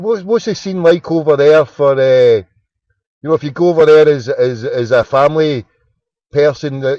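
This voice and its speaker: A Glaswegian man hosts a late-night radio phone-in, his voice sitting a touch high for a man. He rambles, jokes and trips over his words. The audio is dull and lo-fi, with a dry, close sound. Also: a little mellow, no room sound. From Scotland. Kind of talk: casual chat.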